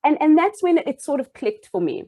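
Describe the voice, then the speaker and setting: A woman's voice: high voice, very animated, normal speed, mellow. A young adult woman and former primary school teacher telling a personal story in an earnest, heartfelt way, with small restarts.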